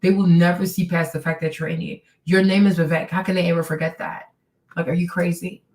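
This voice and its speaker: A woman's voice: fairly low pitch, level tone, brisk, a little mellow, recorded from a distance. Heated, sarcastic woman ranting in a roomy room. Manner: heated, sarcastic, profane, mimics others in quotes. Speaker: streamer host. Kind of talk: casual ranting commentary.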